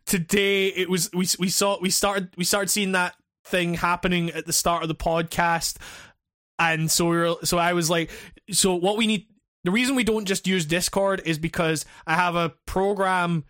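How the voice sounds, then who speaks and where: A man's voice: sits high, fairly even intonation, moderate pace, a bit bright, no echo, studio quality. A man co-hosting and editing a podcast over a call, talking in a rambling, swear-filled, laughing way. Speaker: podcast co-host and editor. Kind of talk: casual podcast chat. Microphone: remote call.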